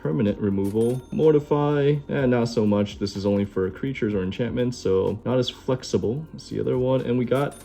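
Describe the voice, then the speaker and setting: A young man casually chatting as he hosts a card unboxing, relaxed and enthusiastic. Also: mid-range voice, gravelly. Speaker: card-opening host.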